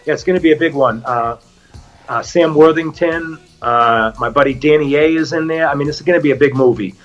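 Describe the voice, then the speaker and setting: A man's voice: fairly high pitch, brisk, highs cut off, faint music behind. A middle-aged man with a Boston accent, an actor guest chatting casually and telling stories. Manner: animated storyteller, acts out quotes. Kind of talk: casual chat.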